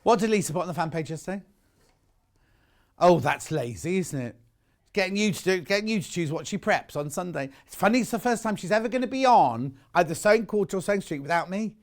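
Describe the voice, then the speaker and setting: A man hosting a live shopping channel, talking in a lively, bantering way. His voice sits a little high for a man and swings widely up and down as he jokes with the crew. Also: fairly quick. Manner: chatty, bantering, chuckling asides.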